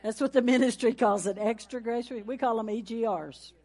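A woman's voice: a little high, brisk, a little mellow. A woman pastor, preaching a folksy sermon with announcements and laughter, ending in a fervent prayer.

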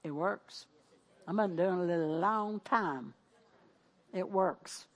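A woman's voice: on the low side, takes it slowly. A middle-aged woman pastor preaching, exhorting the congregation with call-and-response and repeated declarations. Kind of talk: sermon.

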